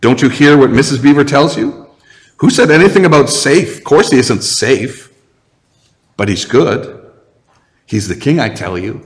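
A man's voice: medium pitch, animated, measured pace, pauses often, lightly acted. Mr Beaver, a stern talking beaver, read by a man. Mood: insistent. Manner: stern, insistent.

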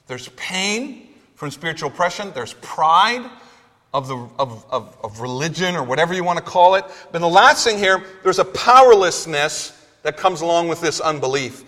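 A male preacher with a high, bright voice talks to his congregation in a conversational, emphatic way. He brings scenes to life by acting out quotes. His voice rings out in a long hall reverb. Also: expressive, moderate pace. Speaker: pastor. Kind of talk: sermon.

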